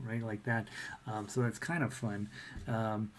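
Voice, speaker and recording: A man's voice: on the low side, fairly even intonation, a little slow, a little mellow. A man teaching a casual ukulele lesson, chatty and self-deprecating, breaking into bits of sung melody. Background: ukulele playing.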